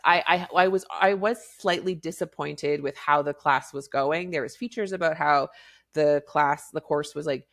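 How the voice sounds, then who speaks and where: A woman's voice: low voice, gravelly, a bit bright. A middle-aged woman hosting a podcast, telling a personal story in a reflective way with many fillers and restarts. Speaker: podcast host and coach.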